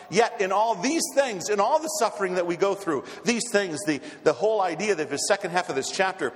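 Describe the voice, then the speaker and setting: A man preaching a sermon with a fairly high voice, moving from hushed and soft to loud and fervent, and often repeating words as he starts a phrase. The sound carries a long reverb from a large hall. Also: expressive, quick pace, few pauses. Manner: impassioned, swings from hushed to loud. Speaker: pastor.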